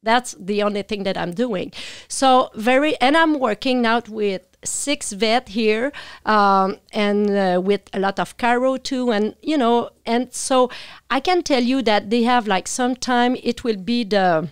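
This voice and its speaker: A woman's voice: on the high side, a little slow, smooth, no room sound, clean studio sound. A woman from Quebec whose first language is French, speaking English with a thick Quebec French accent as a podcast guest, earnestly explaining at length. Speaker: podcast guest, animal communicator. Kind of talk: casual interview conversation.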